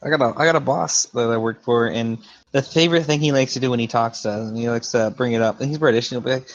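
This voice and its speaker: A man co-hosting a casual podcast chat, blunt and sweary and quick to laugh. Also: mid-range voice, fairly even intonation, lo-fi sound. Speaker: podcast co-host.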